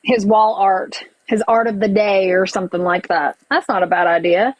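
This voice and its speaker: A mother telling stories in a casual group chat, animated and acting out the dialogue. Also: medium pitch, normal speed, no echo, poor audio. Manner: animated storyteller, acts out dialogue. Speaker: mother of a young child.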